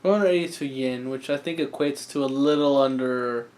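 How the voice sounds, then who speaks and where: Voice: mid-range voice, moderate pace, darkish tone. A reaction video host giving casual, joking commentary while watching an anime episode, thinking aloud with fillers and asides.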